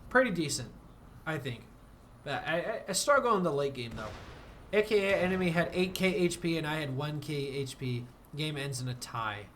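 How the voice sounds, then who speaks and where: A man's voice: a little high, lively intonation, moderate pace, fairly bright tone, slight background noise. A man streaming a game, chatting casually and rambling, self-deprecating, with bursts of mock outrage. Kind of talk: casual game livestream commentary.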